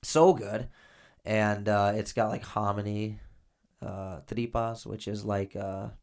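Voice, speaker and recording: Slow and a little mellow, the man's lowish voice stays fairly even in intonation. He's a podcast co-host who once served time, and his storytelling in casual talk wanders and is heavy with fillers.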